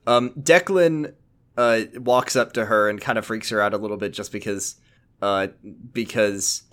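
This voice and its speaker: Bright-voiced man in casual podcast chat. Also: lowish voice, normal speed. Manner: rambling, self-interrupting, jokey asides. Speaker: podcast co-host recapping a show.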